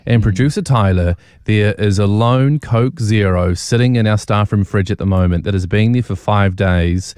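A man's voice: fairly low pitch, moderate pace, hardly any pauses, a little mellow, clear, resonant tone, no echo. A man hosting a radio drive show, chatty and teasing as he trades jokes into a studio microphone. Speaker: radio host.

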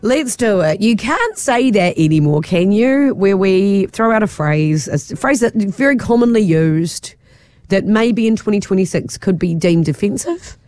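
A woman's voice: mid-range voice, expressive, unhurried, darkish tone, no room sound. A woman hosting a breakfast radio show in casual banter, bubbly and giggly, her voice leaping up when surprised. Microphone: studio microphone.

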